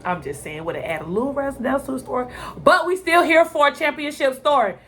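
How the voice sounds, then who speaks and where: Woman yelling at her tv show then chatting to her viewers, aave, kinda high voice, loud and bouncy. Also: quick pace, slight background noise. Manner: loud, animated, shouts at the screen then chats calmly to viewers. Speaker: TV reaction vlogger. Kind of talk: excited reaction commentary.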